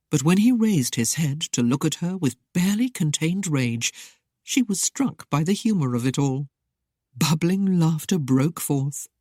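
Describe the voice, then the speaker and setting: A woman reads a period romance aloud in scripted, expressive narration. Her voice is low and husky, with lively swings of pitch. The recording is close and dry. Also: no echo. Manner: expressive storytelling. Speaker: audiobook narrator.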